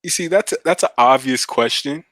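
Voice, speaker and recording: A man calling into a debate stream, answering calmly and slowly with a sarcastic edge. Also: mid-range voice, dry recording. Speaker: caller. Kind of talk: call-in debate.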